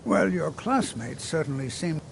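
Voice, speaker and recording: A gentle old wizard instructor from a fantasy video game, lecturing his class with a lively, rising and falling voice and a gravelly crackle. Slightly high for an old man. Steady background noise runs under the game audio. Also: a little slow, exaggerated voice. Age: older. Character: patient, kindly old male wizard teacher. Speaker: magic instructor.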